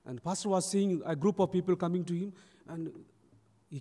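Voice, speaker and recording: A man's voice: sits high, moderate pace, dark tone. A man preaching a sermon, telling a story and acting out its people. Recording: long church reverb.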